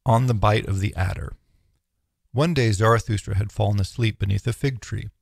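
Male audiobook narrator, low and gravelly, solemn measured delivery, dry close mic. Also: a little mellow, no echo. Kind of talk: audiobook reading of philosophy.

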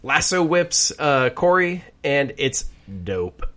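Animated young man recapping a show. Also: on the high side, takes it slowly. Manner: goofy, does silly voices, recaps eagerly. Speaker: podcast co-host. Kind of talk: casual chat.

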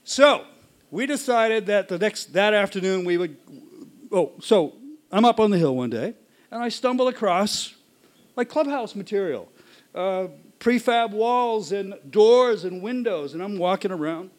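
A man telling a personal story live to an audience, animated and acting out shouts and voices. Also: high voice, measured pace.

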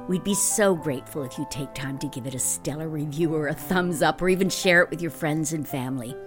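A woman hosting a podcast, reading a calm, gentle scripted intro and outro. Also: low-pitched, a little fast. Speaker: podcast host. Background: music.

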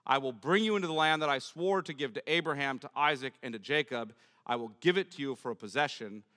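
A man preaching a sermon as pastor, reading scripture with rising emphasis and dropping soft and low on key points. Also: fast, in a large hall.

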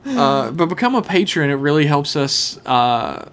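A man's voice: fairly high pitch, big pitch swings, measured pace, a bit bright. A man co-hosting a podcast, talking casually with crude swearing, rambling and laughing. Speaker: podcast co-host.

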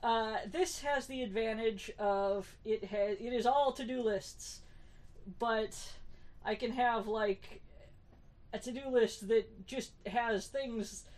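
A woman's voice: a little high, slow pace, darkish tone. A woman co-hosting a podcast in casual chat, wry and talkative, with many fillers and restarts. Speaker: podcast co-host.

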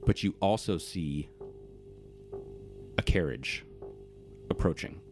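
A man's voice: sits low, slow pace, over music. A man running a tabletop game as game master, narrating scenes in vivid, descriptive bursts.

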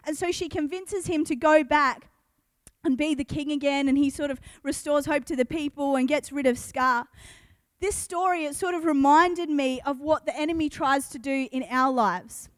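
A woman's voice: high-pitched, moderate pace, dry recording, clean studio sound. A woman giving a casual, earnest devotional talk to young people, full of "like" and "um" as she goes. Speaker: youth speaker.

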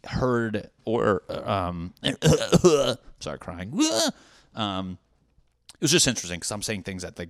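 A young man with a lowish voice rambles through his stand-up life, swearing freely and poking fun at himself. He keeps veering into asides and half-finished thoughts. The sound is dry and close, with no room around it. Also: dry recording. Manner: profane, self-deprecating, trailing off into asides. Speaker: stand-up comedian. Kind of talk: casual rambling monologue.

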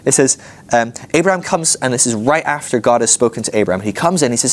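A man teaching a Bible class, telling the story with animated energy and often laughing at his own points. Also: mid-range voice, fast. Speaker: ministry school teacher.

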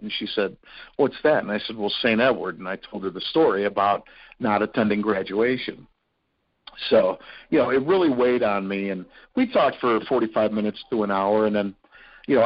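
A man's voice: on the low side, highs cut off. A man from Ohio, a podcast guest, telling personal stories in an earnest, rambling way with many fillers and restarts. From Ohio, USA. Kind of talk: storytelling in a podcast interview.

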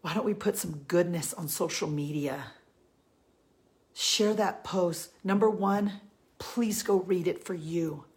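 A Christian women's encourager speaks to her female followers in a fairly low, darkish voice at a slow pace. Her faith talk is heartfelt, earnest and pleading, and she repeats her key lines for emphasis.

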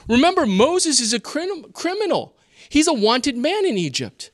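A man's voice: extremely high pitch, very animated, moderate pace, pitched above the performer's own voice. A man voicing Moses as an anxious, self-doubting older man pleading his excuses. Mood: despairing.

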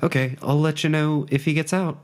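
A man's voice: fairly high pitch, steady tone, fairly quick. A man playing a tabletop game, giggly and playful, often asking questions. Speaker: player. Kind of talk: casual tabletop play.

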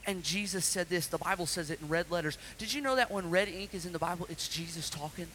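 Bright high-voiced man preaching to children. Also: fast talker, a little hiss or hum. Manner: dramatic storytelling, shouting acted quotes. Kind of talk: interactive children's sermon.

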